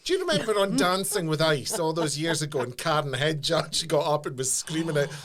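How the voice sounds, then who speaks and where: Lively Scottish woman, comic chat. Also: fairly quick. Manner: animated, bawdy storytelling with sudden pitch jumps. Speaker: comedian and podcast co-host. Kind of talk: casual comedic chat.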